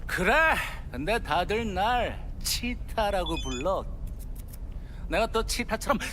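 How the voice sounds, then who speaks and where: A man voicing a crude, excitable young male gangster in a video game dub, in noisy game audio. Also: sits high, racing. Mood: brash. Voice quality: foul-mouthed, excitable.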